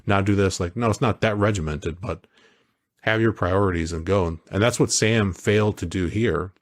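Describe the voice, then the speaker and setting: A man co-hosting a podcast, talking in a casual, animated way that wanders through stories. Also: low voice, moderate pace. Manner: animated, storytelling, digressive. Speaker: podcast co-host. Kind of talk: casual chat.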